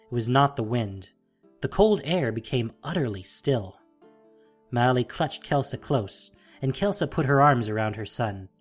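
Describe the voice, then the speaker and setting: A narrator reading a fantasy audiobook in a steady, dramatic storytelling manner. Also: medium pitch.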